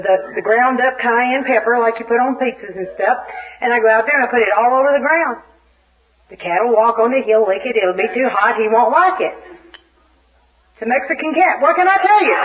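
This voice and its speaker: Animated woman telling a comic story. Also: fairly high pitch. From Little Rock, Arkansas. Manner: animated, comic storyteller who acts out scenes. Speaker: speaker at a recovery fellowship meeting. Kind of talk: humorous personal storytelling share. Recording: dull lo-fi archive tape.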